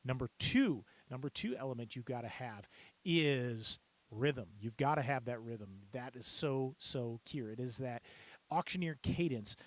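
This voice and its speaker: Upbeat male auctioneer coach, mid-range voice, repetitive teaching style with bursts of fast chant. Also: medium pitch. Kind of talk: instructional talk to camera.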